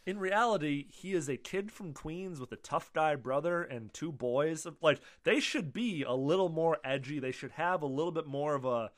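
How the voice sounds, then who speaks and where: A man co-hosting a casual podcast, talking animatedly and swearing often, slipping into quoted voices. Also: a little high. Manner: animated, profane, quick to quote others in put-on voices. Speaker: podcast co-host. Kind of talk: casual chat.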